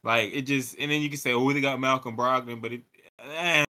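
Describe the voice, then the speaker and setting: Bright-voiced man talking sports. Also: mid-range voice, a little fast. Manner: animated, profane, acts out quoted lines. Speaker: podcast co-host. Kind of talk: casual sports chat.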